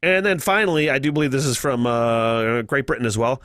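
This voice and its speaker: American male podcast host, lively pitch, cursing and laughing, bone-dry close mic. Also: moderate pace, few pauses, dry recording. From United States. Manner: profane, laughing, animated. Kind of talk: casual solo podcast chat.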